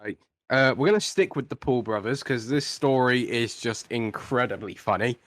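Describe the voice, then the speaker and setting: A man's voice: mid-range voice, moderate pace, no room sound, studio quality. Young man telling a story with energy. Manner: animated storytelling, swears, mimics people he talks about. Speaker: podcast co-host. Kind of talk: casual chat.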